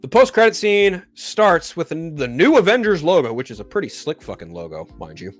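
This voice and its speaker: A man's voice: fairly high pitch, very animated, brisk, faint music behind. A man hosting a solo live stream, chatting casually and profanely about a film and reading viewer comments. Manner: profane, ranting, rises into loud exasperation.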